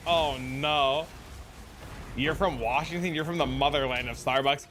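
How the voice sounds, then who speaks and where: A man in his twenties hosting a livestream, chatting with viewers in a loose, heavily profane way, dropping dude and bro as he tells excitable stories. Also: mid-range voice, unhurried, slight background noise. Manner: excitable storyteller. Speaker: livestream host. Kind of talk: casual livestream chat with viewers.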